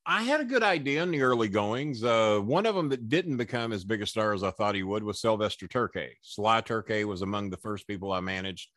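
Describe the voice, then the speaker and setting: A man's voice: fairly low pitch, animated, a little fast, hardly any pauses, a bit bright, dry recording, clean studio sound. A man in his sixties, a wrestling manager as guest, telling long rambling anecdotes with profanity and frequent restarts. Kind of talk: casual anecdotal storytelling.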